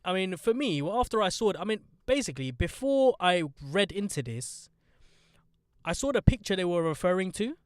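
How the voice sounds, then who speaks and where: A man's voice: high voice, very animated, brisk, dry recording, clean studio sound. A young man hosting a casual podcast, blunt, sarcastic and swearing freely. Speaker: podcast host.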